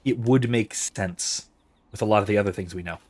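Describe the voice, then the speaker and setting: A man's voice: on the low side, a little fast, a little mellow. A man hosting a let's-play, reading out chat and thinking aloud about the game's lore, often restarting his sentences. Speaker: host of a let's-play and discussion series. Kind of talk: livestream commentary while gaming, reading out chat.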